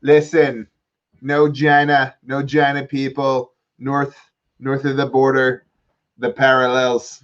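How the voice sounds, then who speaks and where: A man's voice: medium pitch, lo-fi sound, close to an everyday voice. A man putting on a rambling, boastful older male politician, full of repetition.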